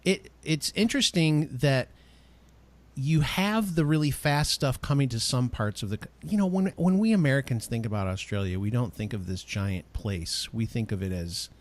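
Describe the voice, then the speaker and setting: A man hosting a podcast in casual chat, animated and storytelling with playful asides. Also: mid-range voice, moderate pace. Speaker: podcast host.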